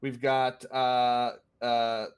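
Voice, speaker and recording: A man's voice: mid-range voice, monotone, drawn-out words, smooth. A man chatting casually in an easygoing, joking way. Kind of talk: casual chat.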